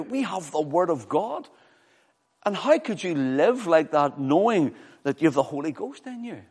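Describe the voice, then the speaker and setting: A man preaching a fervent sermon, his voice sitting a little high for a man. He climbs loud and high at the peaks, then sinks low and quiet for readings. A long reverb trails every phrase. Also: very animated, measured pace, breathy edge.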